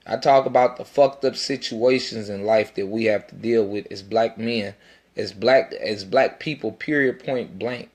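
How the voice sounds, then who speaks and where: A man's voice: lowish voice, a little slow, a little mellow. A man, an independent rapper, talking in a casual self-recorded monologue that is intense, rambling and full of profanity.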